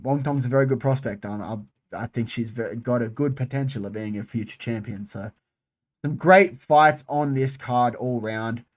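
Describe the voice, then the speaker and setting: Guy, casual solo fight chat, animated and sweary, mid-pitched. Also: moderate pace. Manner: animated, frequent swearing, repeats phrases. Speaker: MMA channel host.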